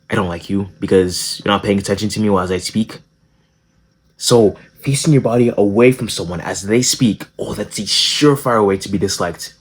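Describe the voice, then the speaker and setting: A man's voice: lowish voice, breathy edge. A young man hosting a casual social skills video. He tells the story in a joking, profane way, with plenty of slang and self-corrections.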